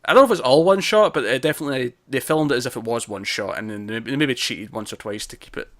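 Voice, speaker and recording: A man chatting casually as co-host of a TV review show, with a voice sitting at an ordinary middle pitch. He rambles, repeats his words and restarts sentences while working through his thoughts. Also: fast talker. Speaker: podcast co-host.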